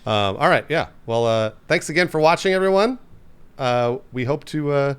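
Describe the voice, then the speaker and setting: A man's voice: medium pitch, lively intonation, normal speed, clean tone. Young guy hosting a podcast, mid voice, chill and jokey. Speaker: podcast host. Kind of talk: casual chat.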